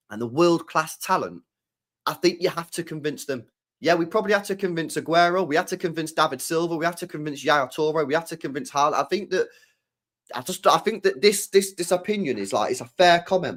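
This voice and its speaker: Animated high-voiced football fan. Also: male voice. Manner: animated, swears a lot, acts out quoted voices. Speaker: podcast co-host. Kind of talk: casual football chat.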